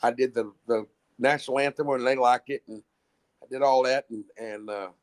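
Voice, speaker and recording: A man's voice: medium pitch, fairly even intonation, moderate pace. A middle-aged man, a musician guest, telling long rambling stories in casual chat, with frequent restarts and swearing. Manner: rambling, profane, many restarts. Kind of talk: casual storytelling.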